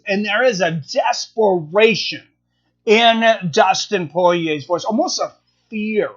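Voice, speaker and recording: A high-voiced man hosts a live stream, chatting casually and responding to viewers' comments at a slow pace. He rambles and thinks aloud, circling back with many fillers and restarts. The sound is dull and lo-fi.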